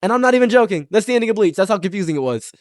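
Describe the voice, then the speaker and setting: Animated man ranting in casual chat. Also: high voice, very fast, dry recording, clean studio sound. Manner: animated, laughing, stammering restarts. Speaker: podcast host.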